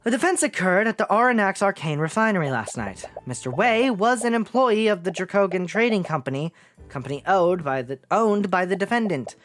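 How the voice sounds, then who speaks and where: A man voicing a cold, formal prosecutor who speaks in a measured way. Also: high voice, lively intonation, a bit bright, faint music behind.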